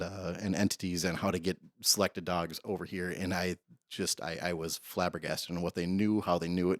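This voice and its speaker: Male guest, police dog trainer, deep voice, rambling storyteller, dry studio. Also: no echo. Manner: rambling, self-interrupting storyteller. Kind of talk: casual storytelling interview.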